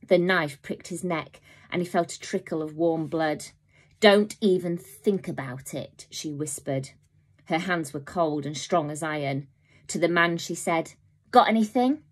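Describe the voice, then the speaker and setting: A woman teacher reading a children's novel aloud in a calm, steady way. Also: low-pitched. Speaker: primary school teacher.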